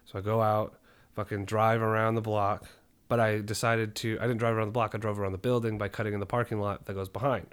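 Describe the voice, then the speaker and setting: A man co-hosting a podcast, telling a story in casual, profane, rambling chat that grows loud and heated. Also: fairly low pitch, flat delivery, fast, clear, resonant tone. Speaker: podcast co-host.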